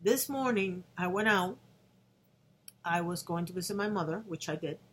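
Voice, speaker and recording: A vlogger in her fifties speaks earnestly to the camera in a personal video, restarting often and having emotional moments. Her voice is fairly low in pitch at a normal pace, with slight background noise.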